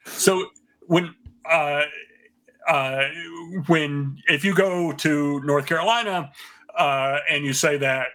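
A man from the American South, a linguist guest calmly explaining things with many pauses on a radio talk show. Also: fairly high pitch. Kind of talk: radio interview.

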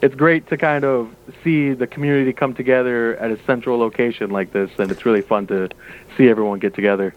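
A man's voice: medium pitch, fairly even intonation, fairly quick, a little hiss or hum. A man calling in as a guest to promote his workplace, upbeat and full of "uh" fillers, heard over the phone. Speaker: guest, casino staff member. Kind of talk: promotional radio interview by phone. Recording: tinny phone line.

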